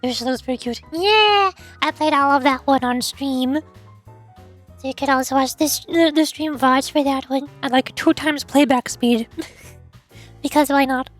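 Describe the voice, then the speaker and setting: A woman's voice: high voice, a little slow, soft background music. A young woman streamer chatting casually and rambling, giggling often and stumbling over her words.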